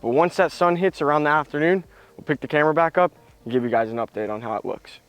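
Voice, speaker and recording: A young man filming a casual vlog in his backyard, excitable and slangy, talking straight to his viewers. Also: a little high, fast talker. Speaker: vlogger. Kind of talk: casual outdoor vlog narration. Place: backyard outdoors.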